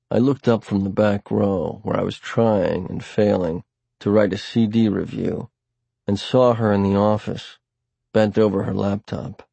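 A man reading a first-person novel aloud in a wry, dry, deliberate way. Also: lowish voice, vocal fry, warm tone, slightly rough, no room sound. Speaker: audiobook narrator. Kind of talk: first-person audiobook narration.

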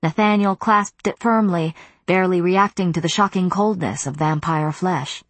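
A woman reading an audiobook in measured scripted narration. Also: on the low side, no room sound.

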